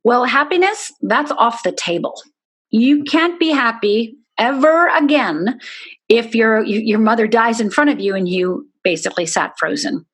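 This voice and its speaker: Speaking at a measured pace with lively intonation and a slightly bright tone, a middle-aged interviewee shares a deeply personal story. She's earnest and open, dropping plenty of "you know"s along the way.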